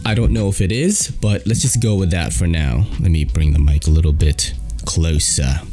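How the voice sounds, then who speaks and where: A man's voice: deep voice, normal speed, mellow, soft background music. A man hosting his own unboxing vlog, chatting to viewers in a hyped, slangy way. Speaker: host of a knife unboxing channel. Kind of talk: casual unboxing vlog chat.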